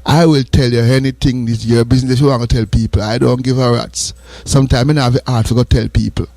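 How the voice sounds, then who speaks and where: A man's voice: mid-range voice, fairly even intonation, a little fast, gravelly, warm tone, dry recording. Earnest Jamaican man giving morning advice. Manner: earnest and repetitive, drifting between patois and English. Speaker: radio host. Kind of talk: morning radio talk, preachy advice.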